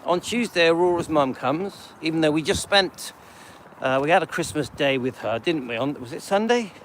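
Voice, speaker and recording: Middle-aged guy, slightly high voice, chatty and rambling, live stream on a dog walk, faint street noise. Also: expressive, moderate pace. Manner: rambling, chatty, loose asides with many ums. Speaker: channel host. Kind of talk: casual live-stream chat while walking. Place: outdoors on a residential street, walking a dog.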